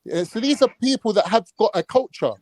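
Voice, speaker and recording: A man's voice: high-pitched, lively intonation, fairly quick, a little mellow. A man arguing his point insistently in a heated online panel debate, talking over others. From Cypriot family in London. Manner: insistent, talks over others, acts out quotes.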